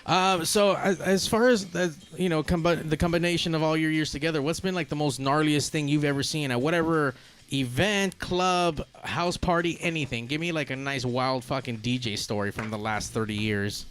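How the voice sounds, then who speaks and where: A man's voice: on the high side, fairly even intonation, normal speed, fairly bright tone, a little hiss or hum. A man from Southern California hosting a podcast, talking casually with plenty of swearing and jokes. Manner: swears freely, loose and joking. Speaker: podcast host. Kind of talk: casual chat.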